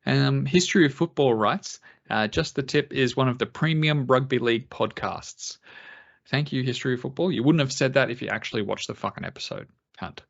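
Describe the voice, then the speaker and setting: A man's voice: medium pitch, fairly quick, vocal fry, muffled recording. An Australian man co-hosting a casual sports podcast, swearing freely, joking and reading listener comments aloud. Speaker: podcast co-host.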